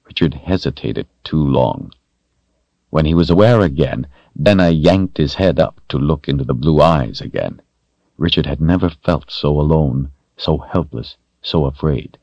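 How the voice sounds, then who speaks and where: A man narrating a fantasy novel in a slow, deliberate, dramatic way. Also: rumbling low, darkish tone, no echo, muffled recording. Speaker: audiobook narrator.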